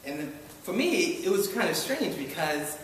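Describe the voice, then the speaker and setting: With a fairly high, sing-song voice at normal speed, a man from Baltimore tells a self-deprecating, wry story to a live hall audience that laughs along. The audio is noisy and full of echo from a distant mic.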